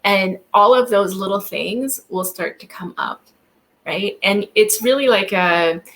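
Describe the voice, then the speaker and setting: A woman's voice: medium pitch, unhurried, a bit bright. A woman success coach being interviewed on a webinar, talking earnestly and encouragingly, often checking in with "right?".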